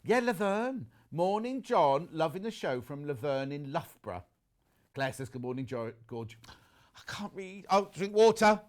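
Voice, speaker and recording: A middle-aged man with a fairly high voice and a measured pace hosts a shopping channel from a TV studio. He's lively and gossipy, chatting away and reading viewer messages aloud in this chatty live TV sales segment.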